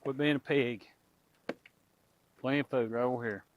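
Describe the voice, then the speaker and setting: A man's voice: mid-range voice, steady tone, moderate pace, background noise. A middle-aged man, chatting casually to his viewers and animals outdoors on a farm. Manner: folksy, talks to animals and viewers. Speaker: homestead vlogger.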